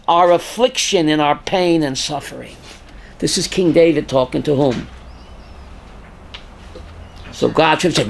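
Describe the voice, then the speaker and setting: High-voiced older rabbi lecturing dramatically. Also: male voice, expressive, normal speed. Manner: dramatic, rising to shouts when quoting scripture, questioning students. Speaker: rabbi teaching a class. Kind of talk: Torah class lecture.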